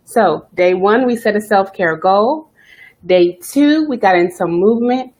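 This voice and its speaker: A woman hosting a self-care live stream, talking fast and chatty, greeting viewers by name as she coaches. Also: mid-range voice, lively intonation, a little mellow. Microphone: webcam or phone live stream.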